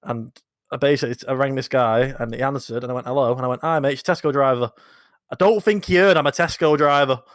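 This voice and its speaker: A young man co-hosting a podcast, telling sweary anecdotes in a casual, animated way. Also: medium pitch, fast, no room sound, clean studio sound. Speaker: podcast co-host. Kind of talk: casual storytelling chat.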